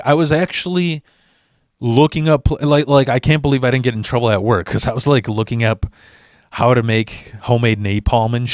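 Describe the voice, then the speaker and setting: A man telling a comedic personal story in a rambling, profane, animated way. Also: mid-range voice, no echo, clean studio sound.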